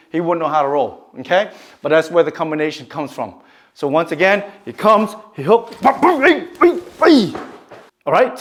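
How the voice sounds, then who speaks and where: Male martial arts instructor, slightly high voice, explains moves step by step, adds strike noises. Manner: instructive, checks in with "okay?", sound effects for strikes. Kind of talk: demonstrating kata applications.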